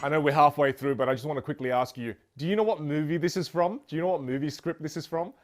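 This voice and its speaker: A man teaching a communication lesson, energetic and full of rhetorical questions. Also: on the high side, fast talker. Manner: energetic, rhetorical questions, demonstrates trailing off and fillers. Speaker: communication coach. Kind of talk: instructional lesson.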